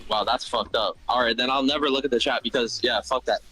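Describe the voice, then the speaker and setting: A man with a bright, tense voice rambles through his questions, restarting often and swearing casually. Faint music plays behind him. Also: medium pitch, fast, rough recording. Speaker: stream contestant. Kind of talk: casual stream chat.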